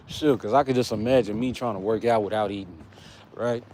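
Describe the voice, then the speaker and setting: A man's voice: lowish voice, a little fast, dark tone. Slangy American man walking outside. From United States. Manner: casual, slangy, talks to chat viewers. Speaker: fitness vlogger. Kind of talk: livestream chat while walking. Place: outdoors on an urban street, walking. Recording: faint traffic noise outside.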